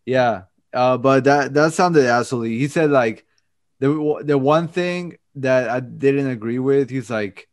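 A male podcast host with a middle-pitched voice chats loosely with friends. He swears freely and laughs often, keeping the talk easygoing. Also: a little slow. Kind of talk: casual chat.

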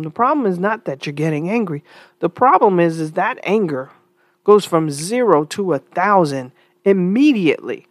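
With no echo in the recording, a woman speaks earnestly in commentary, posing rhetorical questions between sighs and letting her pitch rise and fall vividly.

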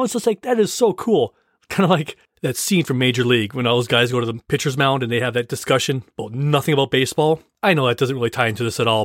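A man's voice: medium pitch, no echo, clean studio sound. A man hosting a show, introducing interviews and film clips in a chatty, enthusiastic way. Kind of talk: casual presenting.

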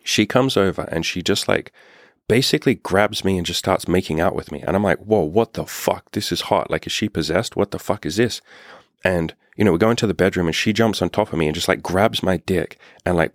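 Low-voiced man telling a blunt story. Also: no echo, clean studio sound. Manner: blunt, profane, filler-heavy storytelling. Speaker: dating coach. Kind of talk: casual storytelling monologue.

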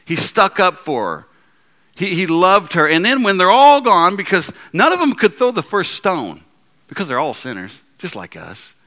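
Male preacher, somewhat high and bright, lively pitch, emphatic with soft drops, restarts a lot. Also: moderate pace. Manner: animated preaching with frequent repeats and restarts; swings between loud emphatic lines and low soft ones. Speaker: pastor. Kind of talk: sermon.

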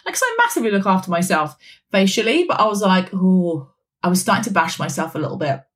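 A woman's voice: fairly low pitch, very animated, fast. A woman around forty, hosting a wellness podcast in a chatty, rambling way with frequent laughs. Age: 40s. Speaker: podcast host. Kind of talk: casual wellness podcast chat.

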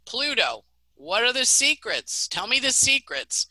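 A chatty middle-aged woman talking through the week's astrology with lively animation and the odd laugh. Her voice is very bright and tense, recorded close and dry with no room sound. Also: a little high, a little slow, dry recording, low-quality recording. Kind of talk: casual astrology forecast chat.

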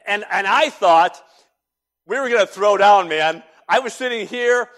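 Animated high-voiced male pastor. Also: unhurried. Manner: storytelling, animated, swings from hushed to loud. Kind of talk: sermon. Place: church sanctuary.

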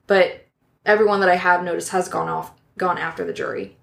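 A woman's voice: lowish voice, fairly even intonation, brisk, vocal fry, fairly bright tone. A woman hosting a true crime podcast, reading a case from notes in a casual way with asides and self-corrections.

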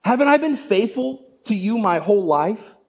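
A man's voice: high-pitched, lively intonation, normal speed. A pastor voicing a talking male donkey in a sermon retelling, asking his rider why he keeps being hit. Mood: pleading.

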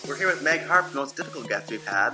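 A man co-hosting a casual podcast, asking questions with dry, deadpan jokes. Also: mid-range voice, fast, over music. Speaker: podcast co-host.

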